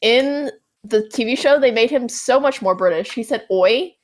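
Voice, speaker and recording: A woman's voice: fairly high pitch, normal speed. A woman co-hosting a casual podcast chat while gaming, rambling with frequent laughs. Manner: rambling, many fillers and restarts, laughs often. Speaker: podcast co-host.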